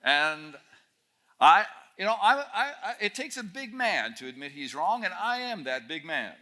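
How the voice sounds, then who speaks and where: A man's voice: sits high, big pitch swings, normal speed, sharp tone. A Canadian man in his late fifties, a guest speaker telling a story at a student camp, wry and self-mocking, with many hesitations. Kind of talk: storytelling talk.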